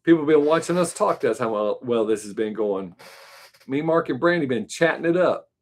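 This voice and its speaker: A man's voice: medium pitch, expressive, brisk. A man with a mild Southern US accent hosting a live stream, chatting casually with viewers in a loose, rambling way. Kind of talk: casual chat answering viewers.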